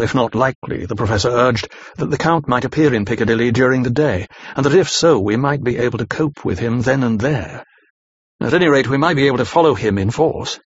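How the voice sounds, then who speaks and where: Guy reading an old novel aloud, grave and steady, husky, dry muffled sound. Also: mid-range voice, no echo. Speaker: audiobook narrator. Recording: slightly muffled dry recording.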